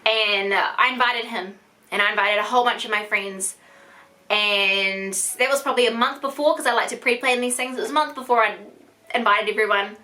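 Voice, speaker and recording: A woman's voice: fairly high pitch, a little fast, pushed and bright. A 25-year-old woman with a New Zealand accent tells a personal story to camera, frank and chatty, with lots of "like" fillers. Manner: frank and chatty, heavy use of "like". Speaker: vlogger. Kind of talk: candid storytime monologue.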